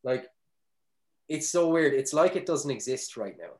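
A man from Ireland, a guest on a casual podcast, talking in a halting, self-deprecating way with many restarts. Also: mid-range voice, expressive, roomy sound.

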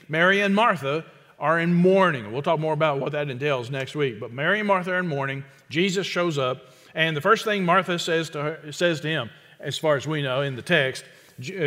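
Male pastor, sermon delivery, slightly high and crisp, chatty and emphatic, restarts often. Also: sharp tone. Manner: conversational, emphatic, with frequent restarts. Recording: long hall reverb.

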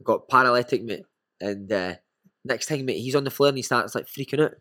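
A man with a Scottish accent, a former footballer and podcast guest, telling lively stories and calling the listener "mate". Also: medium pitch, fairly quick. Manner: animated anecdotes with frequent "mate". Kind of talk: casual storytelling.

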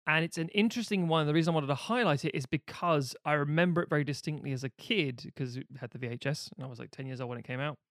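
A man's voice: a little high, quick pace, hardly any pauses, fairly bright tone, dry recording, studio quality. Rambling, profane man in his late 30s. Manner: rambling and profane, with self-deprecating jokes. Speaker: podcast co-host. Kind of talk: casual chat.

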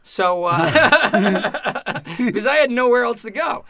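A man's voice: very high-pitched, expressive, takes it slowly, sharp tone, no room sound. A man who is a comedian guest, telling a story in a casual interview and acting out other people's voices.

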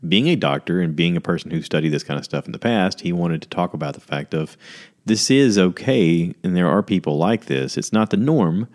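A man hosting a casual solo podcast, rambling through stories and acting out quotes in high put-on voices. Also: animated, brisk, darkish tone. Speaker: podcast host.

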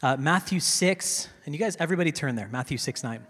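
A man's voice: a little high, animated, brisk, fairly bright tone, slightly rough. A man giving a teaching sermon to a congregation in a conversational way, often checking in with "right?". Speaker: teaching pastor. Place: church hall with a congregation. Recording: long reverb of a hall.

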